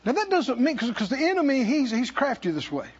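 High, husky-voiced preacher man. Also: big pitch swings, a little fast. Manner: preaches with call-and-response, rising to shouts. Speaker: pastor. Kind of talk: sermon. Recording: dull lo-fi sermon recording.

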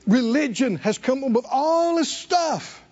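Male preacher, high voice with wide swings, call-and-response delivery, muffled church recording. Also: animated, measured pace, a little mellow. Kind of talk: sermon. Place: church sanctuary.

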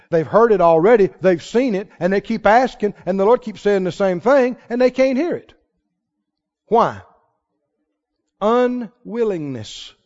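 A man preaching a sermon, telling stories in an animated way and chuckling often. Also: sits high. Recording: reverberant hall, muffled sound.

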